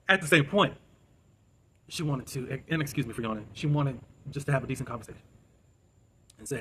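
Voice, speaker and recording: Male channel host, casual recap delivery, middle pitch, slight background noise. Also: fairly bright tone. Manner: chatty, retells scenes with "da, da, da" and quick asides.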